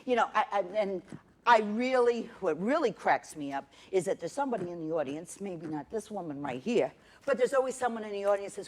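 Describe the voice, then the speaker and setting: A woman's voice: mid-range voice, animated, a little fast. A middle-aged woman performing a sardonic, profane storytelling monologue on a theater stage. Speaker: solo performer.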